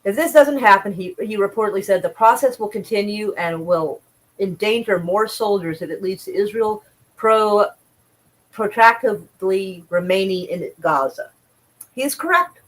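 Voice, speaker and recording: A woman's voice: mid-range voice, moderate pace, poor audio. A woman streaming casual news commentary, blunt and profane, chatting with viewers between headlines.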